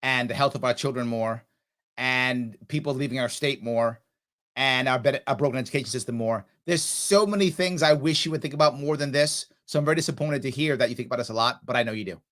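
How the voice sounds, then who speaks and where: A man's voice: mid-range voice, brisk, a bit bright. A man hosting a live political commentary show, reacting with indignant sarcasm to a clip and reading viewer comments. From New York. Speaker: livestream political show host.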